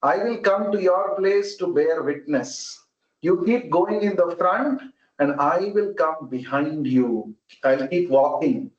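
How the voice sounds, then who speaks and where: A man voicing a divine child deity who speaks from a temple statue, gently teasing and then kindly commanding. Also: fairly high pitch, takes it slowly. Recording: roomy, muffled online call audio.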